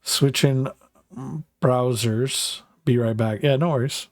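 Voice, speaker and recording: A man chats casually while streaming a tank game, rambling and filling gaps with "like" and the odd curse. His voice sits at a middling pitch. The sound is dry and close, with no room around it. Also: steady tone, takes it slowly, no room sound. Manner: rambling, filler-heavy, swears casually. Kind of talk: casual live gaming commentary.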